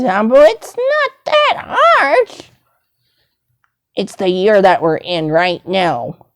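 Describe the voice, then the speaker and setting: A woman's voice: mid-range voice, a little mellow. A young woman acting out a playful toy role-play, switching between character voices in a rambling, swooping way.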